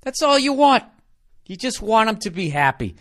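Profane ranting man with a high voice. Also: sing-song, normal speed, a bit bright. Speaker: podcast host. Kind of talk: comedic podcast monologue.

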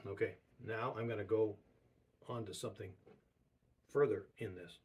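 A man preaching a sermon in a relaxed, conversational way, repeating words for emphasis. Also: fairly low pitch, measured pace, a little hiss or hum.

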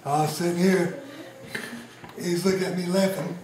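A woman at a family gathering, talking softly to a baby. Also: lowish voice, fairly even intonation, moderate pace. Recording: roomy home video with background noise.

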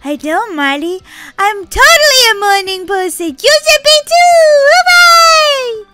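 A woman voicing a bubbly, cheerful young girl in a game role-play, talking in an excited, bouncy way. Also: extremely high pitch, unhurried, loud music behind the voice, exaggerated voice.

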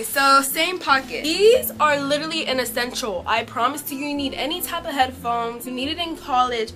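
A young woman chatting casually to viewers as a vlogger, playful and talkative. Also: high voice. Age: young adult. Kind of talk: casual chat to camera.

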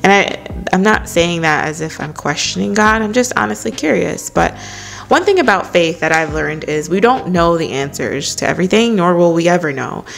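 A woman's voice: fairly low pitch, expressive, moderate pace, vocal fry. A woman hosting a casual Bible study, talking conversationally and filling her speech with "you know". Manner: conversational, many "you know" fillers, light laughs.

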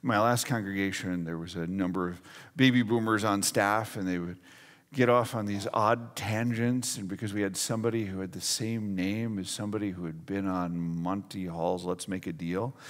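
A pastor in his forties preaching a conversational, storytelling sermon in a church sanctuary. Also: low-pitched. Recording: long church reverb.

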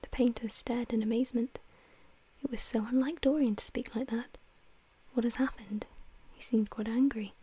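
A woman narrating a classic novel in a soft whisper into a close microphone, in whispered role-play style. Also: a little high, steady tone, moderate pace, breathy edge. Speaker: ASMR narrator. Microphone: close mic.

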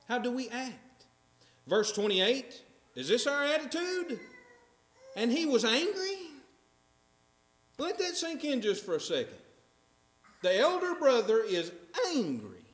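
A man's voice: high-pitched, a bit bright. A man preaching a sermon in a church, emphatic and often asking the congregation questions. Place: church sanctuary. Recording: echoey church sanctuary.

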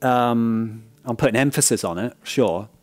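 A man's voice: mid-range voice, measured pace, faint music behind. A man giving a frank, casual review of a film disc, often checking in with "right?" and restarting his words.

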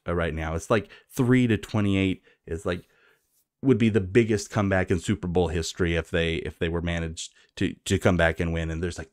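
A sarcastic man rambles through a comedic movie recap, often slipping into silly voices. His voice sits low, and the sound is dry and close with no room echo. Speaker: movie reviewer.

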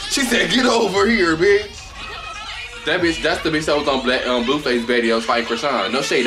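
A man vlogging his reactions in a casual, animated way, gossiping with plenty of profanity. His pitch swings widely as he talks, and music plays clearly in the background. He is recorded on a camera set up on a tripod.

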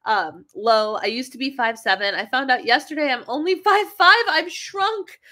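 A wellness coach chats on a webcam livestream, reading viewer comments aloud. She has a high voice and talks at a moderate pace with hardly any pauses, staying chatty and animated and laughing often.

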